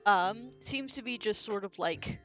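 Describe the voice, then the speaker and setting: A woman's voice: mid-range voice, measured pace, fairly bright tone, soft background music. A woman acting as game master, describing scenes loosely and with many fillers. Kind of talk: narrating a tabletop game.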